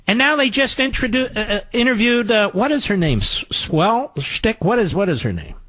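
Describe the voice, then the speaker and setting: A man hosting a political talk radio show, sarcastic, combative and mocking, with his pitch swinging widely for emphasis. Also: expressive, a little fast, a bit bright, dry recording.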